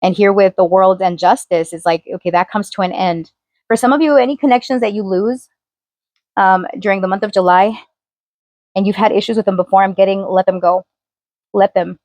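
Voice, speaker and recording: A woman's voice: mid-range voice, fairly even intonation, fairly quick, darkish tone, no room sound. A woman tarot reader talking casually straight to her viewers, chatty and loose, full of fillers as she reads the cards. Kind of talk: casual tarot reading to camera.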